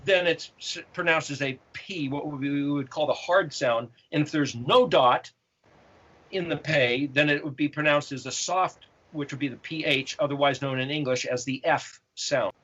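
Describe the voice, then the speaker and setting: A man with a high voice answers viewer questions in a loose, explanatory way, often repeating and restarting his phrases. The recording is dull and lo-fi. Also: normal speed, fairly bright tone. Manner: expounds on Hebrew letters, repeats and restarts phrases. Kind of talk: casual explanatory talk.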